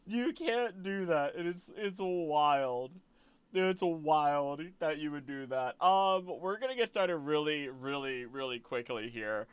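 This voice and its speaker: Young male streamer, casual live chat, excitable and quick to laugh, light higher voice. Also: clean tone, dry recording. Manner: animated, exclaiming, laughing often.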